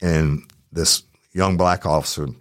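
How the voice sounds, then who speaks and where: Fired-up deep-voiced man. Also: unhurried, no echo, studio quality. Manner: profane, heated, animated retelling. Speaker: true crime podcast host. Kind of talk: storytelling, casual monologue.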